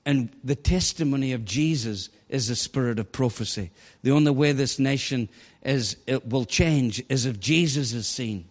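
A man preaching a sermon, animated and storytelling, sometimes bursting into a shout. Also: mid-range voice, moderate pace, few pauses. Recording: long hall reverb.

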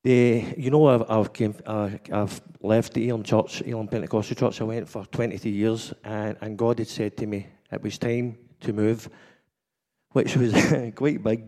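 A man's voice: fairly low pitch, warm tone. Scottish man sharing a chatty church testimony. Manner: chatty storytelling, laughs often. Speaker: church member giving testimony. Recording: long hall reverb.

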